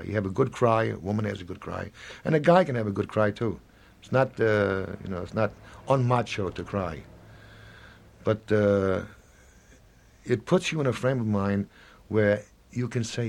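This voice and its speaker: Gravelly husky man in his seventies. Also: on the low side, a little mellow. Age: 70s. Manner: rambling, acts out little quoted dialogues. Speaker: interviewee. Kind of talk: reflective interview talk.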